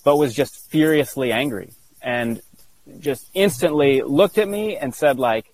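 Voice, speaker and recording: A man as an interview guest, telling a personal story earnestly, halting with many restarts and fillers. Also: mid-range voice, darkish tone, a little hiss or hum, low-quality recording.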